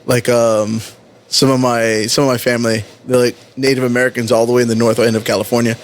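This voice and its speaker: A man's voice: mid-range voice, little pitch movement, slight background noise. A man chatting casually with friends, easygoing and profane. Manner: easygoing, profane, quick to laugh. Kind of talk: casual chat.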